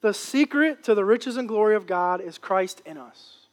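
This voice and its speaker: High-voiced man preaching with fervor. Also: expressive, normal speed. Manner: impassioned preaching with repeated phrases. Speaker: pastor. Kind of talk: sermon.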